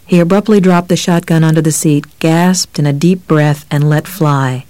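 A man narrating a novel as an audiobook in a steady, even storytelling manner. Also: a little high, moderate pace, clean tone, no echo.

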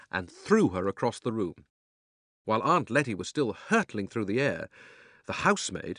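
Low-voiced, expressive male storyteller. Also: no room sound. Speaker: narrator. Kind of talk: audiobook narration. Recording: dry close studio sound.

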